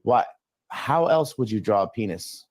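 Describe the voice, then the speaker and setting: A man's voice: fairly low pitch, animated, unhurried, no echo, clean studio sound. A man co-hosting a live stream, telling crude rambling jokes and stories. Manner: rambling, joking, crude storytelling with put-on quotes. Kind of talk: casual live stream chat.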